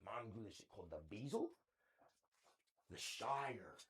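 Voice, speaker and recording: A man's voice: on the low side, very animated, unhurried. A man in his thirties, co-hosting a podcast and telling a story in casual chat, full of slang and swearing. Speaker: podcast co-host.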